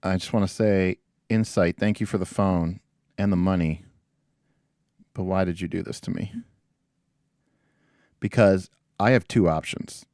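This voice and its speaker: A man's voice: low-pitched, fairly even intonation, a little slow, long pauses, darkish tone, dry recording, studio quality. A man hosting a livestream in casual, rambling chat with a self-deprecating, jokey manner. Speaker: livestream host.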